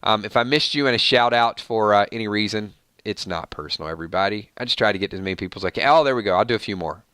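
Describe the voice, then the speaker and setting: A man hosting a live stream in an easy, chatty way, running through viewer shout-outs one after another. His voice is bright and forceful, with a smooth, crisp tone. The sound is dry and close, with no room echo. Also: lowish voice, expressive, very fast. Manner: rattles off long lists of viewer names and thanks. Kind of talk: casual live stream chat.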